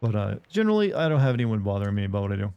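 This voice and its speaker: A man's voice: lowish voice, very animated, racing, smooth, no room sound, muffled recording. A man chatting casually with viewers while streaming a game, rambling, joking, and laughing often. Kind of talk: casual chat while playing.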